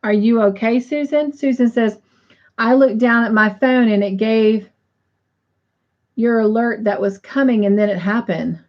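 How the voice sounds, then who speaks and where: A woman's voice: a little high, unhurried. A woman hosting a casual livestream, reading viewer comments aloud and leading a short prayer. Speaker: livestream host. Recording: dull lo-fi stream audio.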